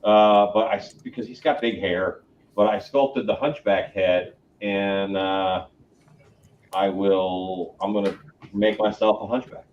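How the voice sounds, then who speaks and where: A man's voice: fairly low pitch, steady tone. A man talks casually and hesitantly, often restarting his sentences. He sounds far from the mic in a roomy space. The audio is dull, lo-fi and faintly noisy. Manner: hesitant, halting. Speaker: guest on a live stream. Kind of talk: casual chat. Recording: distant echoey lo-fi mic.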